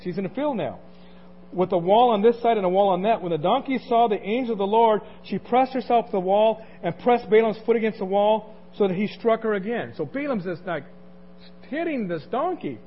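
A man's voice: high voice, lively intonation, fairly quick. A man preaching a conversational sermon as pastor, asking the congregation questions and chuckling between points. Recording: dull lo-fi recording, faint noise.

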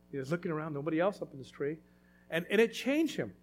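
High-voiced man preaching a sermon. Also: expressive, fast, slight background noise. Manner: repetitive, rhetorical questions, emphatic. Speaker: pastor.

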